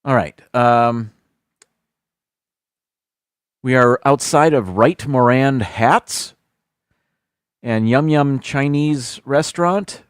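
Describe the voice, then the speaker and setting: A man's voice: medium pitch, slow, clean tone, no room sound, clean studio sound. A man hosting a casual live stream, thinking aloud and reading out viewers' guesses.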